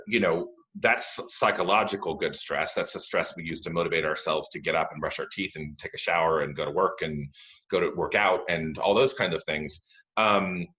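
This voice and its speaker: Deep, bright-toned man explaining with many fillers. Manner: hesitant, many fillers and restarts. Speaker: guest, stress management teacher. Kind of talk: conversational explanation.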